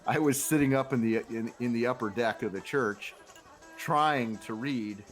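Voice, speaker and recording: A man's voice: mid-range voice, normal speed. A man with an ordinary mid-range voice recalls his childhood at a loose, rambling pace. He keeps repeating words as he restarts his sentences. Faint music plays underneath. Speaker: podcast co-host. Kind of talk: casual chat.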